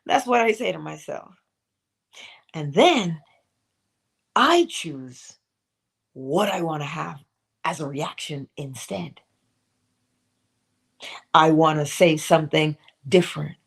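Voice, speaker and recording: On an inspirational morning livestream, a middle-aged woman delivers a motivational talk, mixing pointed questions with playful self-directed asides. She speaks at medium pitch, animated and moderately paced, leaving long pauses.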